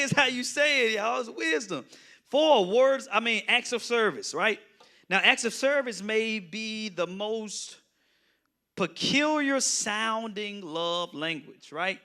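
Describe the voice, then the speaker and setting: A man leads a Bible study as a pastor, talking to his listeners in a loose, conversational way. His voice is bright and forceful and sits a little high for a man. He keeps turning to the room with quick questions as he teaches. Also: expressive. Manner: conversational, often asks the audience "right?".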